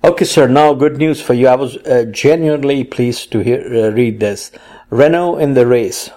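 Mellow-voiced man reading racing news. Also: medium pitch, normal speed. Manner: reads news items and quotes aloud, playful puns. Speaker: co-host. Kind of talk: casual news chat.

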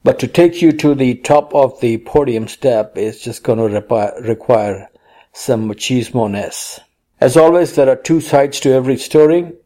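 A man's voice: mid-range voice, normal speed, mellow. A man co-hosting a casual chat, reading news items aloud with playful puns and quotes. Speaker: co-host.

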